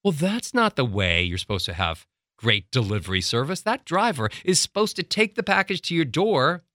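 A middle-aged man working as a voice coach, teaching breathing with lively, acted-out examples. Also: fairly high pitch, moderate pace, no room sound, studio quality. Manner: animated, acts out little scenes and demonstrates breathing. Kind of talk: instructional talk with acted examples.

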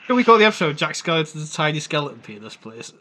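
A man hosting a loose podcast chat, his voice sitting fairly high and leaping all over the place as he gets worked up. The tone is bright and forceful, full of swearing and laughter. He rants happily and riffs on his co-hosts. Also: fast, slight background noise. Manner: excitable, swearing, laughing, mock impressions. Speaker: podcast host. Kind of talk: casual banter podcast.

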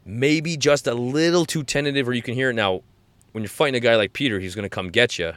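A man's voice: medium pitch, fast, a bit bright, dry recording. A man in his forties hosting a podcast, recapping fights in a rambling, enthusiastic way full of restarts. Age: 40s. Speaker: podcast host. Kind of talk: casual fight-recap chat.

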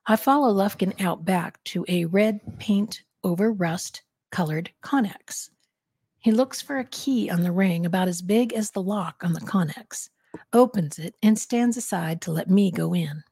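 A woman reads a novel aloud on a podcast, then talks it over with measured thought. Her voice has a husky edge at a middling pitch, and the sound is dry and close. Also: darkish tone, no echo. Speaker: podcast co-host and reader. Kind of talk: reading a novel aloud and discussing it.

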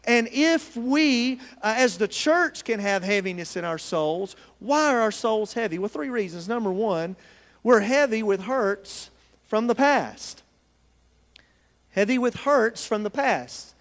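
A man's voice: high-pitched, expressive, slow, big-room sound. A man from the United States preaching a sermon in a church, earnest and calling out to his congregation. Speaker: pastor. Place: church sanctuary.

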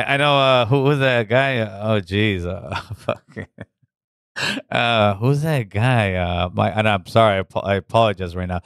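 A man's voice: lowish voice, fairly bright tone, clear, resonant tone, no room sound, studio quality. A middle-aged man hosting a casual call-in show, loose and slangy, repeating himself as he talks.

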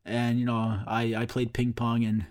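A man's voice: mid-range voice, completely flat delivery, normal speed, a little mellow. A young man telling a rambling, profane comic story in casual chat, throwing in sound effects.

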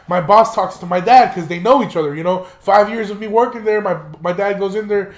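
Young male podcast host, high-pitched, loose and profane storyteller, roomy echo. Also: a little fast. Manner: profane, rambling, laughs while telling. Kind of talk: casual storytelling monologue.

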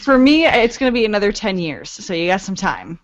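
A woman's voice: medium pitch, big pitch swings, fairly quick. A woman chatting on a podcast with blunt, sarcastic humor. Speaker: podcast guest. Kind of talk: casual podcast chat. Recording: lo-fi mic with faint noise.

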